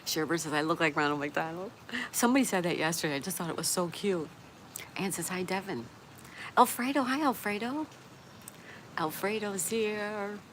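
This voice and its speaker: A woman's voice: low-pitched, quick pace, fairly bright tone, low-quality recording. A woman hosting a casual livestream, reading viewer comments aloud and chatting back with a laugh. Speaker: livestream host reading chat. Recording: noticeable background noise.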